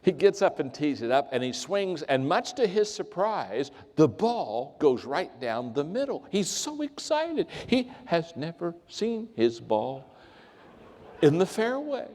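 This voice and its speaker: An older man speaks as a motivational speaker, spinning funny stories with a lively, swooping delivery. His voice sits a little high for a man. A long reverb from a large hall trails each phrase. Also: a little slow. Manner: storytelling, animated, jokey asides. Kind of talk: humorous speech to a live audience.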